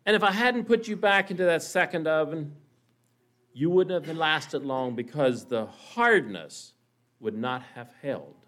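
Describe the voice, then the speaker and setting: A man voicing a patient master potter in a storytelling sermon, speaking softly and unhurried. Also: animated. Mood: gently explaining. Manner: soft, low, unhurried. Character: calm patient old master potter, firm.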